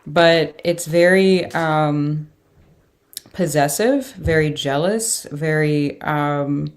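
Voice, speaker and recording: A woman with a low-pitched voice reads tarot cards in a loose, chatty way. She talks through each card as it comes up and breaks in with startled exclamations. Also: extremely slow. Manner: reacts aloud to cards with surprised exclamations and laughs. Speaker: tarot reader. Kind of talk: casual tarot reading.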